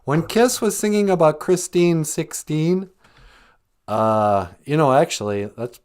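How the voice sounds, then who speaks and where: A man's voice: a little high, slow pace, darkish tone, smooth. An older man hosting a podcast, joking sarcastically and laughing often as he talks. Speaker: podcast host. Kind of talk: comedic casual chat.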